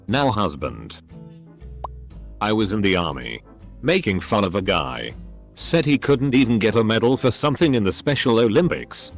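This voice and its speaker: A low male voice reads posts aloud in a computer-made way, speaking the quote marks and commas as words. His pitch still moves a lot, and a faint bed of music runs underneath. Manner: reads punctuation aloud, flat delivery of quotes. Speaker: narrator reading online posts. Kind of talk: text-to-speech reading.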